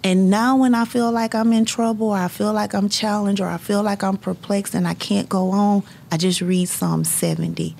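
A middle-aged woman, a high school counselor, telling personal stories in an earnest, faith-filled way and breaking into laughter. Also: fairly even intonation, moderate pace, creaky, hardly any pauses, darkish tone, a little hiss or hum. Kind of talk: personal storytelling in conversation.

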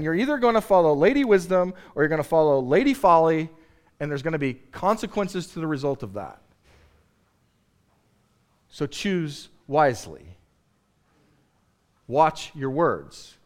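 Middle-aged male pastor, slightly high voice, chatty sermon delivery with strong swings in volume. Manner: conversational, swings from quiet to loud and emphatic.

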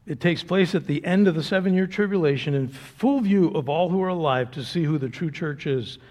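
A male pastor preaching a sermon to a congregation, drawing phrases out slowly and then rising to loud, fervent calls. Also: a little high. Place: church sanctuary before a congregation.

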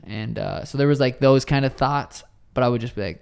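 A man's voice: medium pitch, fast talker, few pauses, darkish tone, clear, resonant tone. A young adult man in a casual interview, speaking loosely and profanely, often restarting his sentences. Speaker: interviewee, professional fighter.

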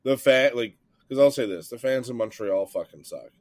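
A man's voice: medium pitch, moderate pace, no room sound. Profane ranting man, dry close sound. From Canada. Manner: profane, ranting, animated about hockey. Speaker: podcast co-host. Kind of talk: casual chat. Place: home, just out of bed.

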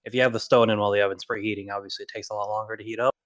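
A young man with a faint Long Island accent talks in a casual podcast debate, low in pitch and blunt, with plenty of swearing. His voice sits close and dry, with no room around it. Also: flat delivery, very fast, fairly bright tone, dry recording. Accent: slight Long Island. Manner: blunt, opinionated, swears freely. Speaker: podcast co-host.

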